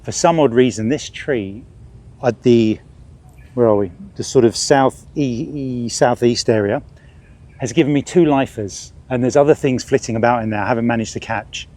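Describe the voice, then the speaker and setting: A man's voice: mid-range voice, moderate pace, darkish tone. A middle-aged man vlogging outdoors in a park, rambling in a chatty, stop-start way as he birdwatches and swats at bugs. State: sweating, swatting ants and bugs. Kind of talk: casual outdoor vlog narration.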